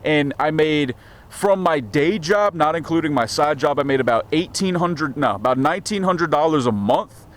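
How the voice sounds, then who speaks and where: A man's voice: fairly high pitch, animated, normal speed. Stammering, swearing man ranting outdoors. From United States. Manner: profane, rambling, stammering rant. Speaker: vlogger. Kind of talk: casual vlog monologue. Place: outdoors in a small town street. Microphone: handheld camera.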